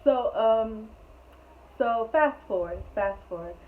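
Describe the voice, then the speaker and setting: A woman's voice: on the high side, expressive, slow. A young woman chatting through a rambling storytime, laughing often as she tells it. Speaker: storytelling vlogger. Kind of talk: casual storytime. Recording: tinny phone-like sound with faint noise.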